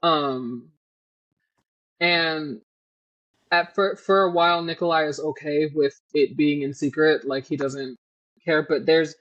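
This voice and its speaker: A woman cohosting a podcast, recapping a book in a casual, animated and profane way. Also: deep voice, takes it slowly, pauses often, muffled recording.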